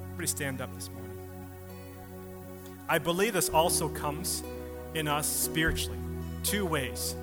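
A man's voice: fairly high pitch, normal speed, pauses often, music in the background. A man preaching a sermon, telling a personal story with laughs and acted-out quotes. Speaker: pastor.

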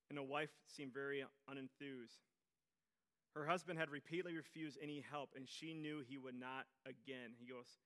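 Male pastor, fairly high bright voice, big dynamic swings from loud calls to hushed lines, acts out quotes. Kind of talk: sermon.

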